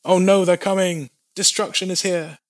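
Man putting on a panicky high-voiced soldier. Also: animated, fairly quick, a bit bright. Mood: alarmed. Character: eager panicked male Babylonian lookout soldier. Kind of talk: scripture reading with acted voices.

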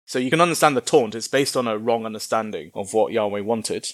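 A man's voice: fairly low pitch, a little fast, no room sound, clean studio sound. A man giving an informal Bible lesson in a chatty, humorous way with casual slang. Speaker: Bible teacher.

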